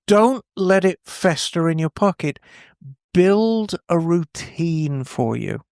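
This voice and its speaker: A man's voice: high-pitched, dry recording, studio quality. A man, co-hosting a podcast, giving chatty, emphatic advice. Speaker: podcast co-host. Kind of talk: casual chat.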